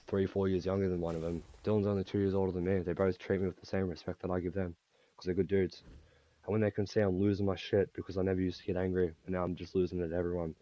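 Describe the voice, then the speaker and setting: This is a young Australian man in a loose, profane gaming rant. His voice sits low and dark in tone. He talks at a rapid clip and rambles from one grievance to the next. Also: no echo. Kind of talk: casual rant while gaming.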